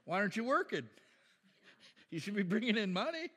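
Blunt high-voiced male pastor. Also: moderate pace, slightly rough, in a large hall. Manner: blunt, animated, talks back and forth with the congregation. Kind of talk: conversational sermon with congregation interaction. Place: church.

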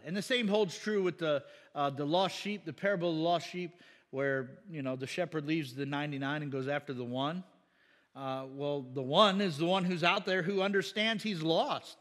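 Chatty preacher in a reverberant hall. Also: male voice, a little high, a bit bright. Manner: conversational, joking preaching with asides and chuckles. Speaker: pastor. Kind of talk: sermon.

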